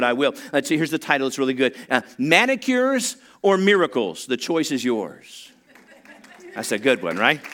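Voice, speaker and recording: A man preaching a sermon, telling a story with humor and acting out the voices of the people in it. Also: mid-range voice. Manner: animated storytelling, acts out voices, humorous asides. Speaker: pastor.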